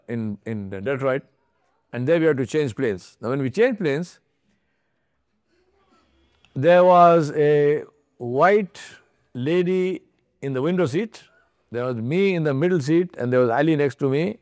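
A man giving a storytelling talk on religious topics, animated, often laughing as he speaks and restarting his sentences. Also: fairly high pitch, clean tone, no echo, clean studio sound. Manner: animated, laughs often while telling stories; frequent restarts and repeated words.

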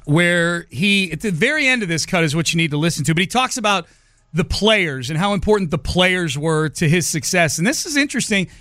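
A man's voice: high voice, expressive, a little fast, bright, forceful tone, no echo. A man hosting sports radio in casual chat, laughing easily and setting up clips on a studio microphone.

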